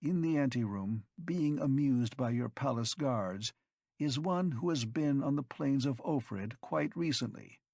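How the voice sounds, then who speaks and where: A man's voice: medium pitch, lively intonation, unhurried, creaky, darkish tone, dry recording, clean studio sound, voice pushed up. A man doing an unctuous, sly vagabond. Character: greedy cowardly male vagabond schemer.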